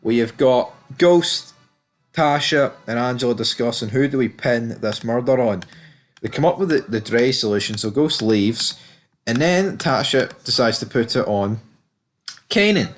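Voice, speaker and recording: A man's voice: mid-range voice, expressive, normal speed. A man giving a casual spoken recap of a TV episode, blunt and candid, swearing freely and talking loosely with plenty of fillers. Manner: loose and chatty, many fillers. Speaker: TV episode reviewer.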